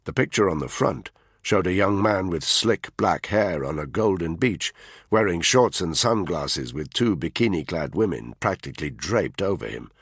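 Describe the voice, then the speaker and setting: Deep gravelly male audiobook narrator. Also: expressive, normal speed, no room sound, studio quality. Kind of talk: scripted narration.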